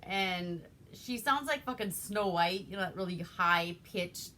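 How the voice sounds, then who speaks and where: A woman's voice: fairly low pitch, lively intonation, a little slow, pushed and bright, slight background noise. A woman from Alaska recapping an old movie in a rambling, foul-mouthed, laughing way. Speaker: movie reviewer. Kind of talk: casual profane movie recap.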